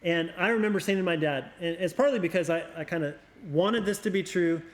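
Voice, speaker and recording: Reflective man telling family stories. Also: high-pitched. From Oregon. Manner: reflective, halting with repeated words, emotional. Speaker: youth pastor. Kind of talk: casual conversation, storytelling.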